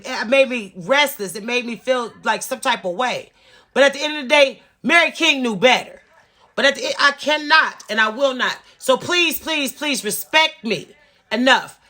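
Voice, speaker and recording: A woman in her fifties tells a storytime rant to her viewers, swearing freely and repeating her points for emphasis. Her voice is bright and sharp, with an emphatic, insistent delivery. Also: sits high. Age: 50s. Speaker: vlogger.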